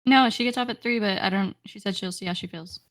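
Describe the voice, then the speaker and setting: A woman's voice: medium pitch, fast talker, faint music behind. A young woman co-hosting a casual podcast over a call, talking hesitantly and defensively with many fillers. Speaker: podcast co-host. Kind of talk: casual chat. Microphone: remote call recording software.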